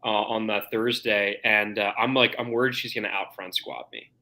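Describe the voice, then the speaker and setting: Bright-voiced man telling stories on a podcast. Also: on the low side, fairly even intonation, normal speed. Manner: jokey, storytelling. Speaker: podcast co-host. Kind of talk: casual chat.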